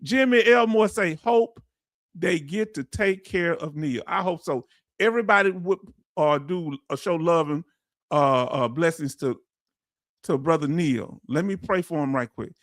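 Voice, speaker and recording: High-voiced man chatting on a dry livestream. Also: normal speed, fairly bright tone, no echo. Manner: chatty, reads chat aloud, Southern Black vernacular phrasing. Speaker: veteran livestream host. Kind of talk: casual livestream chat.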